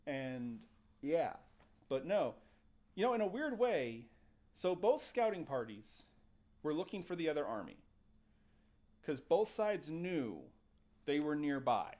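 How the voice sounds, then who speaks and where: Animated joking man telling a ghost story. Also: a little high, slow, pauses often. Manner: animated, jokey, acts out quotes. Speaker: podcast host. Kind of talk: casual storytelling chat.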